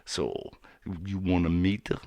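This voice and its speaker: A man voicing two pudgy, excitable boys in circus outfits, with an eager, drawn-out way of talking. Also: sits low, no room sound.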